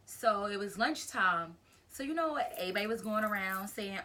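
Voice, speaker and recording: A young woman YouTuber telling a casual storytime to her channel, rambling and animated, with lots of fillers. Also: medium pitch, fairly quick, a little hiss or hum.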